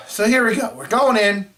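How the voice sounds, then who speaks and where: A man co-hosting a movie review show, telling a rambling story in casual chat and clearing his throat often. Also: very high voice, steady tone, unhurried, sharp tone. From Florida.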